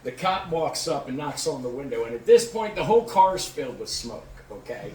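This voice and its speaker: A man casually telling a crude, lively story and acting out the people in it. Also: medium pitch, normal speed, slight background noise. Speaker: podcast co-host. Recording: echoey room, mic at a distance.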